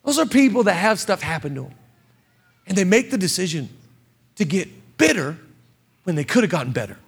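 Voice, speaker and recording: Pastor, man in his 30s, bright high voice, impassioned church sermon, hushed to shouting. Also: big pitch swings, a little fast, creaky, slightly rough. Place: church stage.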